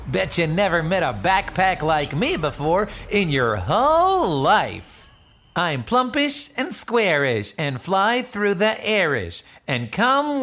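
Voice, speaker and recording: A man voicing a cheerful, kind talking backpack in a children's audio drama, chuckling and swooping in pitch. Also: a bit bright, full character voice. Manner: rhyming, bouncy, chuckling, sudden swoops in pitch.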